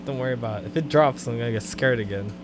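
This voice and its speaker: A man co-hosting a podcast in casual banter, joking and quick to laugh. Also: medium pitch, background noise. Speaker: podcast co-host.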